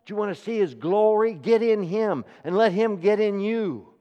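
A man preaching a sermon, asking the congregation rhetorical questions and swinging between hushed, near-whispered passages and loud, ringing declarations. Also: animated, moderate pace. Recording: reverberant hall, dull low-fidelity sound.

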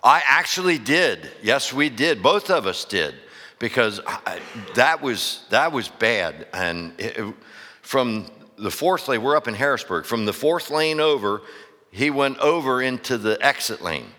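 Fervent bright-voiced preacher in a hall. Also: male voice, mid-range voice, very animated, measured pace. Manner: storytelling, rising to fervent preaching with questions to the congregation. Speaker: pastor. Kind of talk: sermon. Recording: echoey church hall.

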